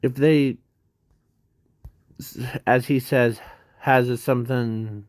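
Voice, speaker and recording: A man slowly narrating an improvised fan story, halting often with restarts and fillers. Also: mid-range voice, fairly even intonation, darkish tone, dry recording.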